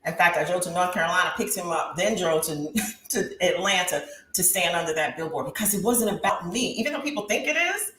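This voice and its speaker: A woman's voice: lowish voice, lively intonation, brisk, fairly bright tone. A woman in her thirties giving an impassioned testimony in an interview, with a preacher-like rise and fall. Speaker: guest talk show host. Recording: roomy echo with faint background hiss.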